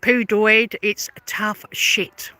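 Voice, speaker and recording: Sharp, combative woman ranting. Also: medium pitch, level tone, slow pace. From London. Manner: confrontational, sarcastic, repeats pointed questions. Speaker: vlogger. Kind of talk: angry rebuttal rant to camera.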